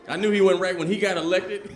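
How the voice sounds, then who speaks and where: Male stand-up comic, high voice, animated and conversational, roomy club echo. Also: fairly quick, a little hiss or hum. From Southern US. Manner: animated, conversational, quizzes the crowd. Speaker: stand-up comedian. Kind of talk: stand-up comedy set. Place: comedy club stage. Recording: echoey club room.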